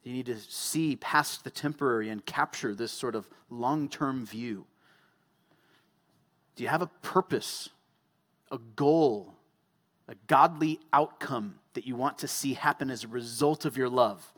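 A male pastor giving a sermon in a measured way, asking a string of searching rhetorical questions before a closing prayer. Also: mid-range voice, a bit bright.

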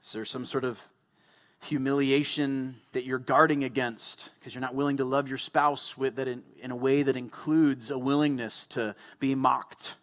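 Male pastor, mid-pitched, measured sermon delivery built on rhetorical questions. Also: flat delivery, fairly bright tone. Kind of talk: sermon and closing prayer.

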